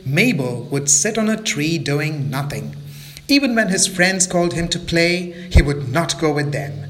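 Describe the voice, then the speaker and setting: Expressive male storyteller for children. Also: a little high.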